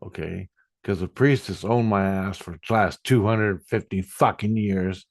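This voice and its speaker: A man's voice: sits low, steady tone, unhurried, no echo, studio quality. A man telling a spiritual experience in a casual monologue, in an agitated and profane way. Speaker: vlogger.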